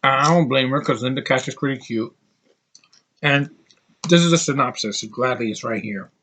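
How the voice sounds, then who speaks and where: A man's voice: medium pitch, normal speed, bright, forceful tone, a little hiss or hum. A man giving a casual, rambling movie review, with lots of fillers and restarts.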